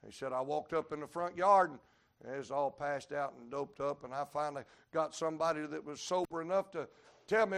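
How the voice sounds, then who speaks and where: A male preacher delivering a revival sermon, storytelling in a folksy way and breaking into sudden shouts. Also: on the high side, expressive, a little fast, creaky. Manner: preaching with sudden shouted peaks and Southern folk sayings.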